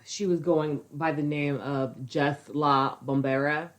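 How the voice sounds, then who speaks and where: A woman's voice: deep voice, fairly even intonation, slow pace. A woman co-hosting a podcast, a parent of a school-age child, talking in a blunt, exasperated, casual way. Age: adult with a school-age child. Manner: blunt, exasperated, swears freely. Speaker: podcast co-host. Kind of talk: casual chat.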